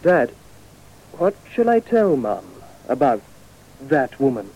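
A man's voice: mid-range voice, sing-song, takes it slowly, dark tone, heavily acted, rough recording. An actor playing a polite, awkward upper-class teenage boy, talking hesitantly and earnestly. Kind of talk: radio drama acting.

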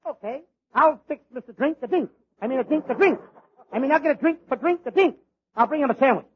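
A gabby, childlike comedian of 1940s radio. His voice is very high and blurting. A loud hiss and a muffled old broadcast sound sit under it. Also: lively intonation, fast talker.

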